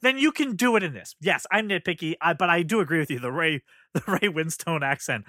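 Lively, bright-voiced man ranting about movies. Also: fairly high pitch, brisk, no echo, clean studio sound. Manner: animated, swearing, argumentative. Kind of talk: casual movie review chat.

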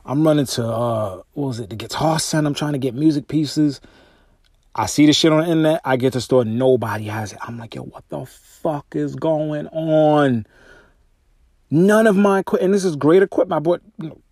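Male podcast host, mid-range voice, dry close-mic sound, animated profane storytelling. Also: no echo. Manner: animated storytelling, swearing, voice jumps high when exasperated. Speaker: podcast host and music artist. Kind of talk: casual solo podcast monologue. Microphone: podcast microphone through a mixer.

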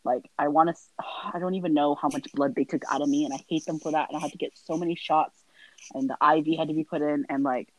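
A young woman talking casually on a podcast, telling lively stories and acting out what her parents said. Her voice sits a little low for a woman. The sound is dry and close. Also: fast talker, no room sound, poor audio. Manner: animated storyteller, acts out family quotes, sighs and laughs often. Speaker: guest.

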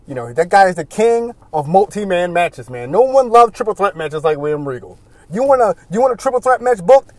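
A fairly high-voiced man rambles through a casual wrestling review, his pitch swinging up and down as he peppers it with "you know." The sound is dry and close, with no room echo. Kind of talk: casual solo commentary.

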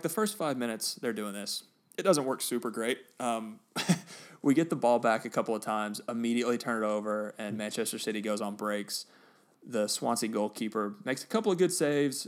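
A man on a podcast, casually retelling a football match with animated bursts of excitement. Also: mid-range voice, a little fast. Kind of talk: casual storytelling chat.

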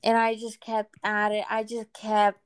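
Smooth-voiced woman telling a story. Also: mid-range voice, unhurried. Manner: relaxed, chatty, acts out quoted voices. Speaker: guest telling a personal story. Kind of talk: casual storytelling chat.

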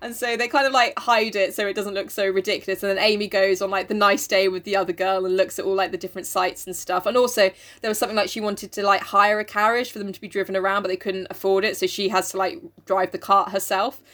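A young woman co-hosting a podcast, retelling a story in a chatty, giggly voice. Her pitch sits mid-range, and she keeps the story rolling with plenty of ums and asides. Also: flat delivery, fast, hardly any pauses, a bit bright. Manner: chatty, giggly, full of fillers. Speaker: podcast co-host. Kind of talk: casual chat, retelling a story.

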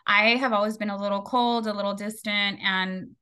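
A woman hosting a podcast, grieving and talking candidly in a casual, animated way, swearing freely. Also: mid-range voice, normal speed, clear, resonant tone. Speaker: podcast host. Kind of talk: casual conversational storytelling.

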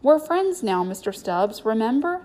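A woman's voice: a little high, very animated, unhurried, a little mellow. A woman voicing an eager, earnest young circus boy in a storybook reading. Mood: coaxing.

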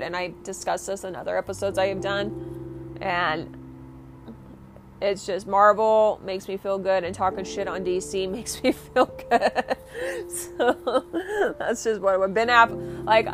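A young woman hosting her own podcast, rambling and swearing through a casual, enthusiastic rant. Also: medium pitch. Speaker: podcast host.

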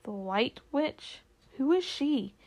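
A woman reading a storybook aloud, voicing a kind young girl who pleads and frets in a bright girlish voice. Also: sits high, animated, takes it slowly, full character voice. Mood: earnest.

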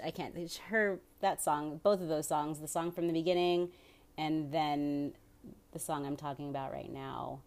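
Young female podcast host, slightly low voice, casual, profane, tangent-prone. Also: a little mellow. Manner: rambling, profane, self-interrupting tangents. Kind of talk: casual solo podcast chat.

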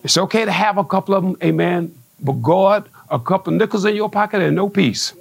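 A man preaching a sermon, dropping frequent amens and calling out to the church, sometimes rising to shouts. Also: sits high, fairly quick, gravelly, slightly rough. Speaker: pastor.

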